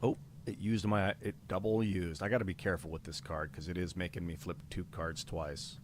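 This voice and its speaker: Low-voiced man thinking aloud on a game stream. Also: brisk, background noise. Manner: thinks aloud about moves, casual and profane; reads out donor names with rising excitement. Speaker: streamer playing a card game. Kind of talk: live-stream gameplay commentary.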